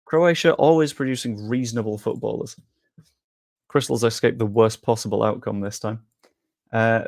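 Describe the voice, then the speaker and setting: Young male streamer, casual and self-mocking, mid-pitched, dry close mic. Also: a little mellow, no echo. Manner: chatty, jokey, self-deprecating. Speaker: streamer hosting a sweepstake draw. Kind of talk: casual live-stream chat.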